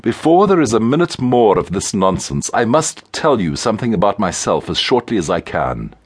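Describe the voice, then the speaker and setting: A male audiobook narrator voicing a spirited, impatient young woman who speaks briskly and with exasperation. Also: on the low side, very animated, breathy edge. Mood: earnest. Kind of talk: audiobook character reading.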